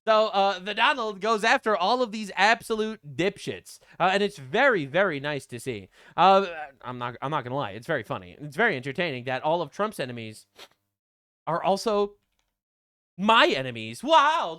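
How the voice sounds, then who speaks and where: A man giving sarcastic, mocking reaction commentary, swearing and swinging between loud outbursts and low asides. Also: big pitch swings, normal speed, dry recording, studio quality.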